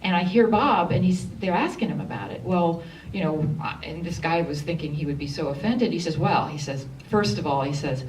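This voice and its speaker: A woman screenwriter tells stories to an audience in a cinema, animated and quick to act out what others said. She sounds set back from the microphone, with a faint murmur of the room behind her. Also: on the low side, slight background noise. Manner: animated storyteller, acts out quotes. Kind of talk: Q&A storytelling on stage. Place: cinema theatre. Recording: far from the mic.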